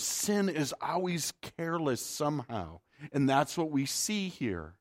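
Male pastor, fairly high voice, chatty sermon full of rhetorical questions. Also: expressive, measured pace. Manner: conversational preaching with rhetorical questions to the congregation.

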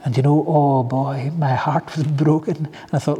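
A man preaching a sermon, telling stories in an earnest, heartfelt way with soft asides. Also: a little high, flat delivery, moderate pace, few pauses, slightly rough, long reverb tail. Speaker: pastor.

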